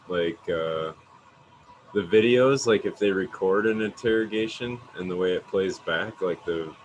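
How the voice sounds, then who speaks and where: A man with a deep, low voice chats as a podcast guest. His talk is loose and meandering, full of likes and ums, and he swears often, with faint noise behind him. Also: rough recording. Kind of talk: casual podcast chat.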